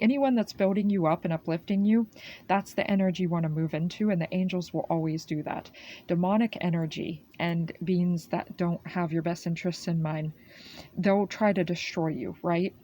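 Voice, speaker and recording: Low, mellow woman doing an oracle reading. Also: a little hiss or hum. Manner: repetitive and earnest, with frequent "okay" tags and "beautiful soul" address. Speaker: oracle card reader. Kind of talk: spiritual channeled reading.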